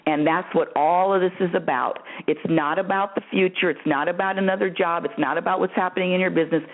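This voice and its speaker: A woman hosting a call-in radio show, repeating her points for emphasis and calling the caller honey. Her voice swoops up high when she stresses a point, and she laughs often. The sound is narrow and phone-like. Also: steady tone, fast. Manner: emphatic and repetitive, calls the caller honey and dear. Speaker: radio host answering callers. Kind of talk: spiritual advice call-in show.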